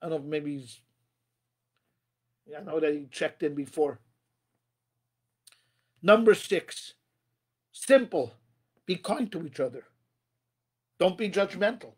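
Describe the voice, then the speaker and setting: A rabbi giving a motivational talk on marriage, emphatic, repeating phrases and calling the audience ladies and gentlemen. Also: male voice, sits high, expressive, measured pace, pauses often.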